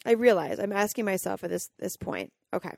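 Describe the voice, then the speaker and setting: A Colorado woman hosts her own podcast, telling a personal story in a candid, emotional way full of fillers and restarts. Her middling-pitched voice is animated, brisk and creaky with a darkish tone, on a dry recording with no room echo.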